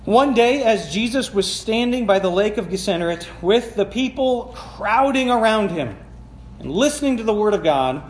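A man with a high-sitting voice preaches in a church sanctuary, reading scripture and explaining it as if in conversation while asking the congregation questions. He is the pastor, and the room is echoey, with slight background noise.

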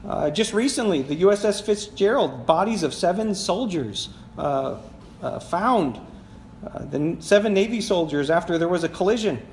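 A man's voice: high-pitched, lively intonation, moderate pace. A man preaching a sermon as a conversational personal story, with many fillers and laughing at himself. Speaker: pastor. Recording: echoey room with faint background noise.

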